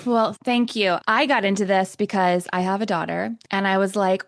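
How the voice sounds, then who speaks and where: A woman's voice: mid-range voice, steady tone, moderate pace, dry recording, clean studio sound. A middle-aged woman hosting a podcast, talking in an effusive, emotional, confiding way. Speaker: podcast host. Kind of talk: casual interview chat.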